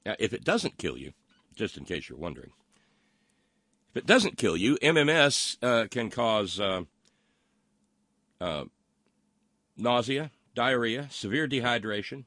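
This male talk show host speaks at a medium pitch in a bright, pushed, sing-song way, with no echo on the recording. Reading out listener comments, he ridicules the news with sarcasm and stumbles through plenty of fillers.

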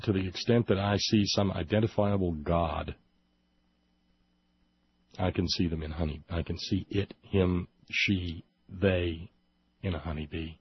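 A man with a low, husky voice delivers a sarcastic political monologue and rises into mocking indignation. He reads quotes quickly and stumbles over restarts now and then. The recording is dry and dull, like lo-fi home audio. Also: steady tone, no room sound. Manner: hesitant restarts and fillers. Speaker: political commentary host. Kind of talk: sarcastic monologue reading from a report.

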